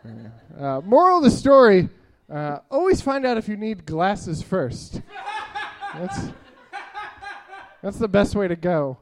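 A man's voice: high voice, big pitch swings, slow, noisy background. A man in his early thirties telling a rambling, self-deprecating stand-up story, full of filler uhs. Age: 30s. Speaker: stand-up comedian.

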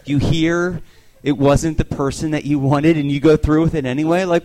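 A man's voice: on the high side, steady tone, moderate pace, darkish tone, no room sound. A man doing a stand-up set on a club stage, complaining in exasperated rants and acting out the people he mocks. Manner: exasperated rants with acted-out voices. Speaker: stand-up comedian.

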